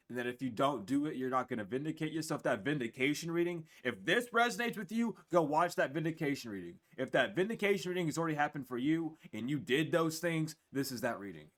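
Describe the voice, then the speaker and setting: Blunt, profane young man doing a reading. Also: mid-range voice. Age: 20s. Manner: blunt, profane, animated, acts out other people's voices. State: tired, has the hiccups. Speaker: tarot reader. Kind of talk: casual spiritual reading to camera. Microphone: camera mic.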